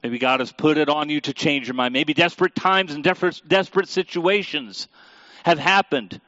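A man's voice: on the high side, normal speed, pushed and bright, no echo, dull audio. A man preaching a sermon in a conversational way, with joking asides to the congregation. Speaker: pastor.

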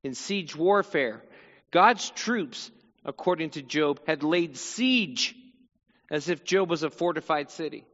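A man's voice: on the high side, lively intonation, slow pace, a bit bright, long reverb tail, muffled recording. A male pastor preaching a sermon, reading scripture dramatically and chatting casually between passages.

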